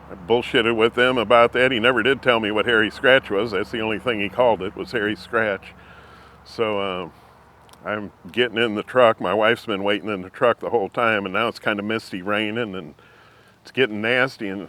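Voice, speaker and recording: A middle-aged man, telling rambling, folksy anecdotes in an interview and often clearing his throat. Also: lowish voice, fairly even intonation, normal speed, sharp tone. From Missouri. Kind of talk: casual storytelling.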